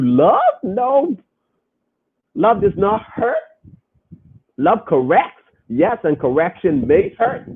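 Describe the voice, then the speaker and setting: A man's voice: sits high, big pitch swings, unhurried, husky, narrow, tinny audio. A man hosting a podcast, preaching emphatically and repeating his points as he reads comments from the chat.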